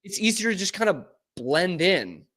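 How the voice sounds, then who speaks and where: A young man from the Boston area with a mostly suppressed Boston accent, hosting a sports talk show in animated, opinionated casual chat. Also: high voice, moderate pace. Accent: mild Boston, mostly suppressed. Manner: animated, opinionated, lots of fillers.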